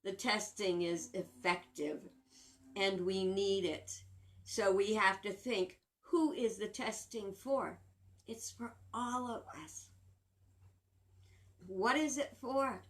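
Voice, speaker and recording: An older woman giving a casual spiritual talk, earnest and musing, pausing with fillers and restarting her sentences. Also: mid-range voice. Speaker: spiritual teacher.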